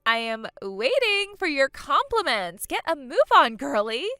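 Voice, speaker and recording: A spoiled, vain younger sister, as a woman puts her on, taunting and giggling through every line. Her voice sits high and bright, swooping up and down, and it is close and dry. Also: very animated, unhurried, dry recording, full character voice. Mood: gloating. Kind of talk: acted story dialogue.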